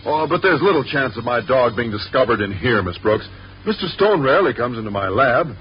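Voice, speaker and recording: A man's voice: medium pitch, big pitch swings, brisk, dull audio. A man playing a shy, earnest biology teacher in a 1950s radio sitcom. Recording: old radio broadcast with hiss.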